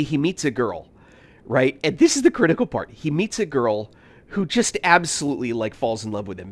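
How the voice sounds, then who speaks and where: A man from the United States, streaming a game and telling casual stories, animated, laughing often and full of fillers. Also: medium pitch. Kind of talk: casual storytelling while gaming.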